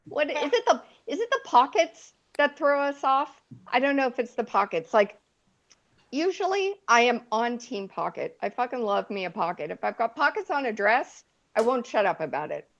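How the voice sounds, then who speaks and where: A woman's voice: fairly high pitch, very animated, normal speed, lo-fi sound. Chatty self-deprecating female comic. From Eastern Europe. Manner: self-deprecating, chatty, laughs between lines. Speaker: stand-up comic. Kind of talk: stand-up routine.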